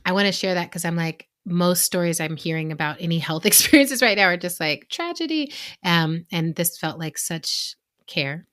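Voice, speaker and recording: A woman co-hosting a podcast, telling personal stories in a chatty way with many "like"s and quick laughs. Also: lowish voice, expressive, a bit bright. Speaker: podcast co-host. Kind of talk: casual chat.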